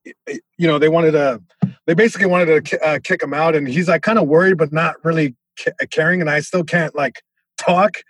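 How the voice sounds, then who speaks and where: A male comedian guest telling a story in an animated way, with many restarts and sound effects. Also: fairly high pitch, fairly quick, slightly rough, no echo.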